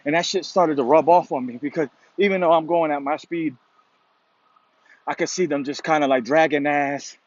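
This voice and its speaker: A man with a somewhat high voice talks through a loose motivational monologue, circling his points with constant "you know"s and "pretty much"es and the odd curse. The recording is dull and lo-fi. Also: moderate pace, no echo. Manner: rambling, fillers like "you know" and "pretty much", casual swearing. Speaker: motivational vlogger. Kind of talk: casual spoken monologue. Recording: dull lo-fi sound.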